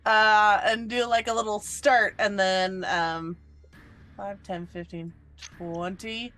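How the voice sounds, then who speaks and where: A woman's voice: mid-range voice, steady tone, takes it slowly, fairly bright tone. A woman playing a tabletop game, describing her character's actions hesitantly with many fillers. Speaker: player. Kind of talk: casual tabletop game play.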